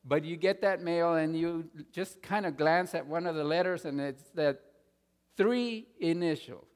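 A man preaching a sermon as pastor, stressing points loudly and then dropping to quiet asides. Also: on the high side, unhurried, smooth. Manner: emphatic, swings between loud stresses and quiet asides. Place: church sanctuary. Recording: long reverb of a large hall.

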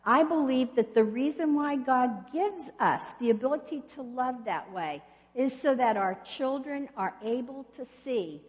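Woman preaching slow and earnest, bit high voice, big echoey church hall. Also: darkish tone. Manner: earnest storytelling with rhetorical questions. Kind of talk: sermon. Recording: long reverb of a hall.

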